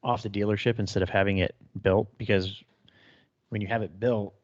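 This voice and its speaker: A man in his thirties co-hosting a podcast, chatting casually, blunt and quick to swear. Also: fairly low pitch, fairly even intonation, dry recording, dull audio. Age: 30s. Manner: blunt, profane, swears freely. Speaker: podcast co-host. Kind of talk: casual chat.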